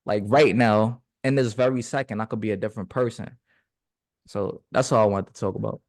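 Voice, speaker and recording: A man's voice: on the low side, steady tone, a little fast, a little mellow. A man coaching a group call, giving reflective motivational affirmations with repeated phrases.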